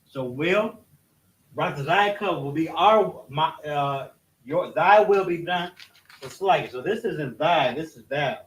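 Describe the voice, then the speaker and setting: Guy teaching a bible lesson, kinda high voice, keeps stopping and restarting, echoey room. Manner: halting, restarts often, pointing at a board. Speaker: religious teacher. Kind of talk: classroom-style scripture lesson. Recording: echoey room, mic at a distance.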